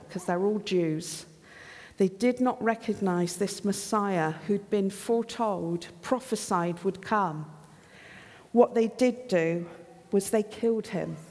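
Slow-paced woman preaching in a hall. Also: mid-range voice. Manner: lively storyteller, acts out dialogue with chuckles. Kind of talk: sermon retelling a Bible story. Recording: long hall reverb.

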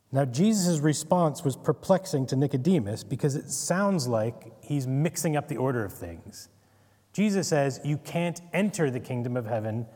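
A man's voice: medium pitch, mellow, long reverb tail. A man giving a casual Bible study lecture, conversational, with wry asides and frequent "right?" checks. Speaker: Bible teacher.

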